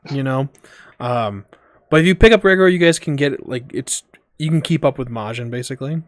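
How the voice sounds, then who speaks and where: A man narrating as game master, relaxed and full of ums and restarts. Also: mid-range voice, brisk, no echo, studio quality. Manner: loose, filler-heavy narration with frequent ums.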